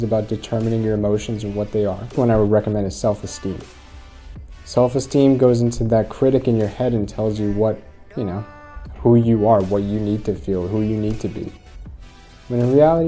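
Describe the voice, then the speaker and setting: Earnest guy talking straight to viewers, really dark mellow voice, a little music behind. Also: medium pitch. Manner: earnest, storytelling, addresses viewers directly. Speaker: host. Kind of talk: motivational commentary.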